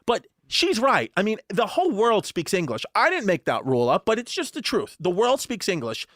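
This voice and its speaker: A man with a New York accent and a slightly high voice rambles through stories, restarting sentences and swearing freely. The sound is close and dry, with no room around it. He has the loose, joking tone of a podcast co-host. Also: wildly swooping pitch, moderate pace, a bit bright, no echo. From Brooklyn, New York. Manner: rambling, profane storytelling with many restarts. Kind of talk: casual comedic chat.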